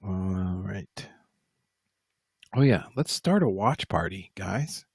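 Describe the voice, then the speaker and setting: A man's voice: deep voice, lively intonation, takes it slowly, creaky, breathy edge, no echo, clean studio sound. A man hosting a casual live stream from home, rambling and poking fun at himself as he talks straight to his viewers. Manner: rambling, self-mocking, talks straight to the chat. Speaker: livestream host and musician.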